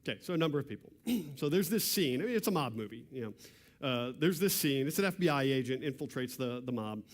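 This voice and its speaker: A man giving an explanatory lecture with slides to an audience, halting, with frequent restarts and throat clearing. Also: medium pitch, animated. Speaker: presenter at a church civics class. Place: meeting room with an audience. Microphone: microphone.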